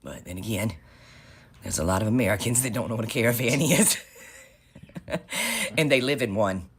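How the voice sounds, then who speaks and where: A woman's voice: rumbling low, expressive, normal speed, husky. A woman co-hosting a podcast, giving sarcastic, profane political commentary and calling people honey. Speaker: podcast co-host.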